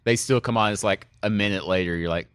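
A male podcast co-host in casual chat who mostly chimes in with short, wry jokes. His voice sits on the low side, and it sounds dry and close. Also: fast, a bit bright, clear, resonant tone, no echo. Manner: wry, joking side remarks.

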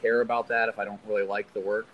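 A man's voice: on the low side, flat delivery, fast, lo-fi sound, slight background noise. A young man chatting casually as a podcast guest, laid-back and rambling, often laughing. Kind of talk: casual chat.

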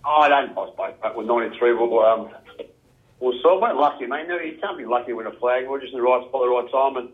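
Here is a laid-back Australian man in his fifties, chatting on the radio about his playing days. He talks at a brisk clip and drops "mate" into nearly every sentence. His voice comes through a tinny, narrow phone line. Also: mid-range voice. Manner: laid-back, says "mate" constantly, chuckles often. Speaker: guest, former footballer. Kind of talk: casual radio interview.

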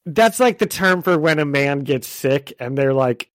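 A man's voice: on the high side, animated, a little slow, dry recording, studio quality. A man co-hosting a podcast, chatting casually with a slight cough as he gets over a cold, laughing often. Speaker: podcast co-host. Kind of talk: casual chat.

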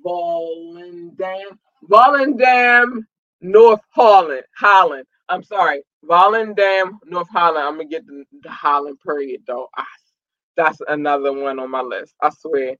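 A man from Maryland hosting a livestream, giving casual, effusive shout-outs to his listeners and often breaking into excited shouts. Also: a little high, moderate pace, no room sound, dull audio. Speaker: livestream host.

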